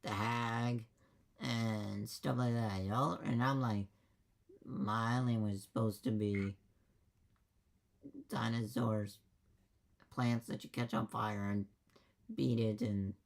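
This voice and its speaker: A man's voice: fairly low pitch, steady tone, slow pace, creaky, pauses often. A man, the dungeon master, rambling emphatically and swearing in a casual chat after a game.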